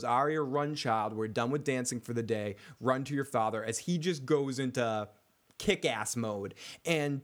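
A man co-hosting a casual recap podcast, talking excitedly, swearing and often restarting his sentences. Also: on the high side. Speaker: podcast co-host.

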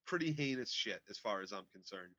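A man's voice: lowish voice, animated, brisk, pushed and bright, dull audio. A man co-hosting a casual TV recap podcast, blunt and opinionated, swearing heavily. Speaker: podcast co-host.

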